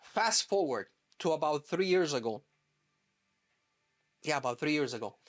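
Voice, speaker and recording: A man's voice: a little high, moderate pace. A middle-aged man, a real estate agent, telling a personal story in an interview and acting out the dialogue. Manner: lively storyteller who acts out quoted dialogue.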